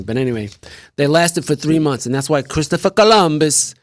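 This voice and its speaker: A man's voice: fairly high pitch, fairly bright tone, no room sound, clean studio sound. A man hosting a casual live-stream show from his desk, rambling and joking as he explains a recipe. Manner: rambling, jokey, talks with mouth full. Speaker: show host. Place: small room at a desk.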